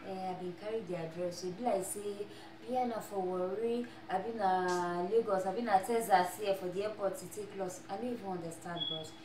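An actress playing a brash young Nigerian woman just arrived in America, speaking with a Nigerian Pidgin accent and boasting loudly. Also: medium pitch, steady tone, a little fast, few pauses, lightly acted. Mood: pleading. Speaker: newly arrived immigrant. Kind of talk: film acting. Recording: echoey room, faint noise.

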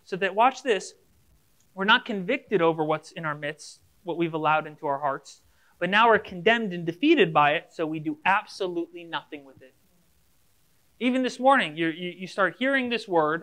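A man with a bright, forward voice preaching a sermon in a relaxed, chatty way. He talks directly to the congregation as a pastor would. He often slips into little acted-out conversations to make his point. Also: high-pitched, moderate pace. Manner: casual, addresses listeners directly, acts out imagined dialogues.

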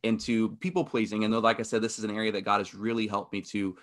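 A man's voice: fairly low pitch, little pitch movement, quick pace, fairly bright tone. A man hosting a faith interview podcast, earnest and rambling, often restarting his sentences. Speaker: podcast host.

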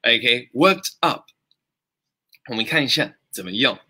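A man hosting a casual live-stream English lesson, talking animatedly and slowing down to repeat and spell out phrases. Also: medium pitch, animated, pushed and bright, slightly rough.

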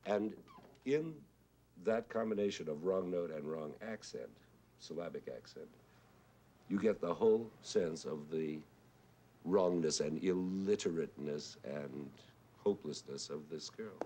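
A composer with a low, mellow, husky "whiskey voice" recalls a friend in a reflective televised talk about songwriting. He explains thoughtfully, pausing with "uh" and offering sung examples.

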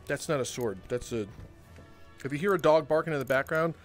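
A man's voice: fairly high pitch, fairly quick, faint music behind. A young man live-streaming a game from home, cheerfully greeting his chat by name and laughing often. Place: home room with dogs nearby.

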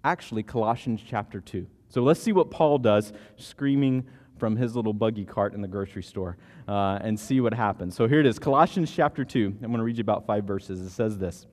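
A man's voice: lowish voice, brisk, a little mellow. A man in his thirties preaching a sermon as pastor, telling stories casually with frequent restarts. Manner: conversational storytelling with repeated restarts. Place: church sanctuary. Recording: long church hall reverb.

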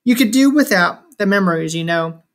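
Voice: mid-range voice, animated, normal speed, fairly bright tone, natural voice. Brief: reader doing an overprotective storybook mom, teary and stern, insistent, scolding. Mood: urging. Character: anxious overprotective mother, tearful and stern.

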